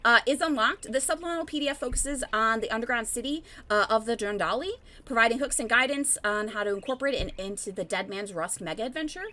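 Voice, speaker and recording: A woman's voice: fairly high pitch, expressive, fast, hardly any pauses, sharp tone. A woman hosting a tabletop game stream, chatty and rambling as she reads announcements. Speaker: stream host.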